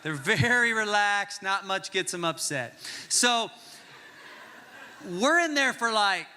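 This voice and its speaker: A man preaching animated, joking pastor in a reverberant hall. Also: sits high, slow pace, a little hiss or hum. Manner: animated, jokey, acts out voices in his stories. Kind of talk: sermon with comic storytelling. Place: large church auditorium.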